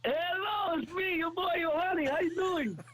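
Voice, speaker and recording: Coughing through a cold, a recurring comic caller phones a talk show as a cocky male sports fan, brash and teasing. His voice is extremely high, his pace moderate, and there's noise in the background.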